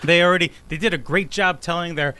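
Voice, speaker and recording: A man co-hosting a podcast, relaxed and agreeable in casual chat, laughing often. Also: on the high side, quick pace, smooth. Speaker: podcast co-host.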